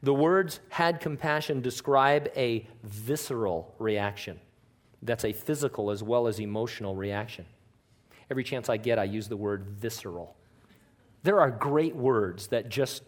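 A man, a pastor, giving a conversational sermon in church, joking and often changing his pitch and loudness. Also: measured pace.

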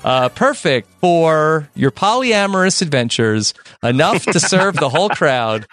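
A man's voice: a little high, very animated, measured pace, a bit bright, faint music behind. Rambling man hosting a mock game show. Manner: rambling, filler-heavy hosting.

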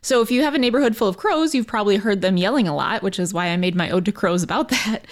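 A woman's voice: medium pitch, animated, quick pace. Chatty enthusiastic woman on radio. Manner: enthusiastic, informal, with fillers and laughs. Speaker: wildlife program manager.

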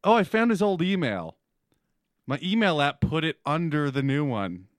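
A man's voice: a little high, very animated, normal speed, no echo, clean studio sound. A man co-hosting a crude comedy podcast, reading listener emails, laughing often and swearing freely. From Canada. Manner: laughs often, profane, gets worked up.

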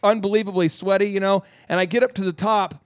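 Fast-talking animated male radio host. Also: high-pitched, clean tone. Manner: animated, rambling storyteller with sound effects. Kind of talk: storytelling on a talk radio show.

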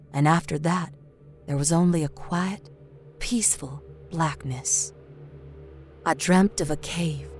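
A woman storyteller narrating a horror story in a steady, expressive reading. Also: lowish voice. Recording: narration over a faint music score.

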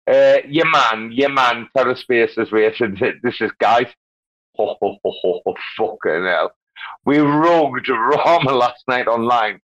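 A boisterous man who rambles and swears his way through loose banter, his pitch jumping all over the place. His voice comes through a muffled, lo-fi online call line. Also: fairly bright tone. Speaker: guest speaker in a crypto audio space. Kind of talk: rowdy casual banter.

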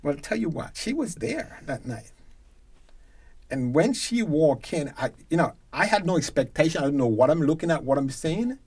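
A man from Jamaica with a Jamaican accent, a reggae concert promoter telling stories as a guest, lively and emphatic. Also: a little high, moderate pace, husky. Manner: lively storyteller who grows loud and emphatic. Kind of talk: animated storytelling in a conversation.

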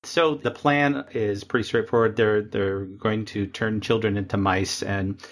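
Male podcast host, lowish voice, measured and thoughtful, pauses with fillers. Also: steady tone. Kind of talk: interview questions.

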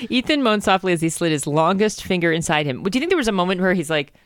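Lowish woman host reading stuff out loud, giggly, grossed out, voice jumps all over, dry close mic. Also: very animated, fast, dry recording. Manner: giggly, mock-disgusted, breaks off to joke. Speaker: podcast co-host. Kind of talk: comic read-aloud of fan fiction.

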